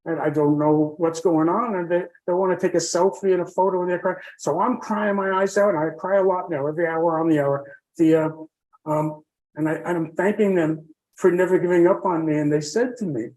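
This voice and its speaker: Halting, heartfelt man telling his story. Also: high voice, fairly even intonation, a little mellow, low-quality recording. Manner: halting, many fillers and restarts, heartfelt. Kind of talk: rambling personal storytelling.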